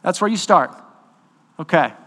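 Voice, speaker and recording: Guy preaching, chatty and lively, quick asides to the crowd, church echo all around. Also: high-pitched. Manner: conversational, animated storytelling with quick asides. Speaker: pastor. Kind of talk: sermon. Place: church sanctuary. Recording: long hall reverb in a church.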